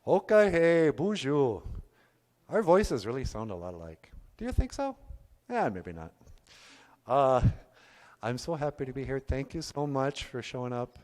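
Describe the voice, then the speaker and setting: A man's voice: medium pitch, very animated, unhurried, a little mellow, long reverb tail. A man voicing a cheeky, teasing stage puppet sidekick, recorded live on a stage. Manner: teasing, wisecracking.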